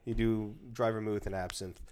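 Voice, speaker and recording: A man's voice: lowish voice, level tone, moderate pace, a little mellow, smooth. A man co-hosting a casual food and drink podcast, who jokes around and laughs at his own jokes. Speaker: podcast co-host. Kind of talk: casual chat.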